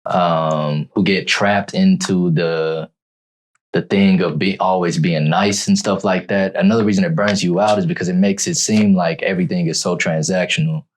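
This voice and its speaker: Very deep-voiced man, halting. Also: steady tone. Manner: halting, many fillers and restarts. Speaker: podcast co-host. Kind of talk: casual chat.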